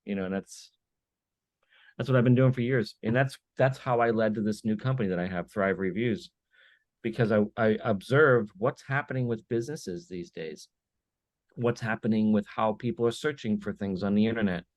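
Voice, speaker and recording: A man speaking as a podcast guest in a slightly low voice. He tells his stories with animation and slips into quick acted-out snippets of dialogue. The sound is dry and close, with no room around it. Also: no room sound. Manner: animated storyteller who acts out little dialogues. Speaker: podcast guest, business owner. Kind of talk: casual conversation.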